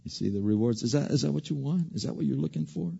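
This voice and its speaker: A man preaching a sermon, animated, swinging from loud emphasis to hushed asides and often repeating words as he restarts. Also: medium pitch, quick pace, creaky, breathy edge, in a large hall, lo-fi sound.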